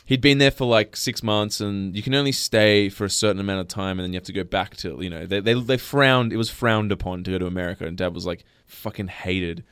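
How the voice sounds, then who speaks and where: A man's voice: lowish voice, fairly quick, hardly any pauses, a bit bright, smooth, dry recording. A man in casual chat, telling a rambling, swear-filled story with laughs.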